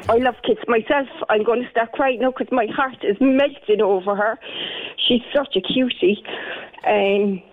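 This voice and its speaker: An Irish woman with a fairly high voice comes through a thin, tinny phone line. She is a florist talking casually on the radio, chatty and rambling with plenty of ums. The call sounds narrow and boxy, like a telephone. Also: a little slow. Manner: chatty, warm storytelling with many fillers.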